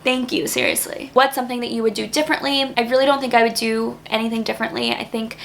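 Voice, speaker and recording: A woman's voice: a little high, fairly even intonation, quick pace, creaky, fairly bright tone, slight background noise. A young woman in her twenties talking casually to camera as a YouTuber, earnest and grateful, with lots of "like" fillers. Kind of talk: casual vlog talk to camera.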